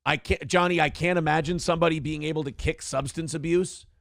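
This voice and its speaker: A man's voice: a little high, steady tone, fairly quick, vocal fry, a bit bright, no room sound, studio quality. A middle-aged man hosting a livestream, talking candidly and rambling, reading viewer messages aloud. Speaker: streamer host. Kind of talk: casual livestream chat.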